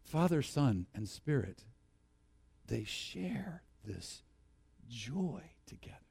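A man preaching a sermon in an animated way, reading scripture with laughter and leading the congregation in repeating lines. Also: medium pitch, slow pace, creaky, slightly rough. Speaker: pastor.

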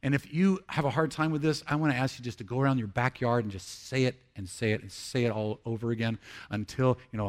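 A man's voice: mid-range voice, steady tone, slight background noise. Earnest middle-aged male pastor preaching. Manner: earnest, swings between emphatic rises and hushed, slow confessions. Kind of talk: sermon.

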